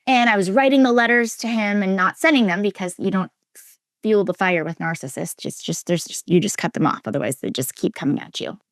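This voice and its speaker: A woman's voice: lowish voice, dry recording, studio quality. Earnest woman sharing a raw personal story. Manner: earnest and emphatic, with frequent restarts and quoted inner voices; drops to a soft, near-whispered tone at heavy moments. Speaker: interview guest, relationship coach.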